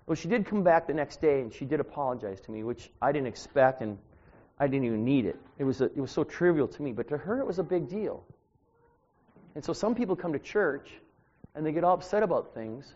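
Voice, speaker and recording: A man delivering an informal sermon as a preacher, talking in a conversational, anecdotal way that grows louder when he gets animated. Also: a little high, fairly quick. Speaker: street preacher. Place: church. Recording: dull lo-fi sound.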